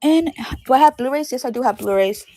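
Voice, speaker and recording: A young woman with a sore, itchy throat chats casually on a livestream while selling DVDs and VHS tapes. Her high-pitched voice is animated, fairly quick and dark in tone with no echo, and she rambles through stories with lots of fillers.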